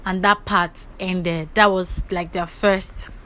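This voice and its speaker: Brief: woman gossip host, lively storytelling, plays all the parts herself. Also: lowish voice, slow. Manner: animated, acts out quotes. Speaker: gossip vlogger. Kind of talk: casual retelling of reality show drama.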